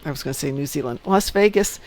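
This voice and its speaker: Hosting a game stream, a man from Chicago in the United States chats casually and cracks jokes while he plays. His voice is fairly high and his pace fast.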